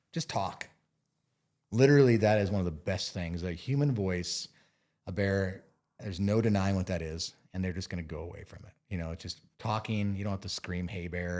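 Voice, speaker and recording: Deep-voiced man explaining bear safety calmly. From Montana. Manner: relaxed, explains with playful acted-out asides. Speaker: bear expert guest. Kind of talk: casual interview talk.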